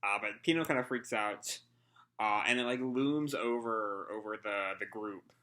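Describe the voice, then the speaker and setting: Bright-voiced man rambling through a manga. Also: on the low side, measured pace. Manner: rambling with many ums and uhs; swears casually. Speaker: manga reaction host. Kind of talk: casual live reading and commentary.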